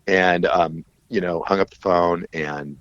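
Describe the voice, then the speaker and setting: Lo-fi, low-voiced man telling stories. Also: measured pace. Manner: animated, profane, acts out quoted voices. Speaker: guest musician. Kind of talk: casual storytelling interview. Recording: dull lo-fi audio.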